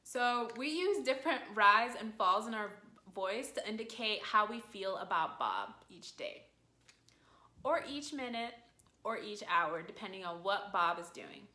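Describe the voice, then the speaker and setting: A woman teaching a video lesson in an animated way, her voice swooping up high when she acts out calling a dog. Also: measured pace. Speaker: language teacher. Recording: echoey room.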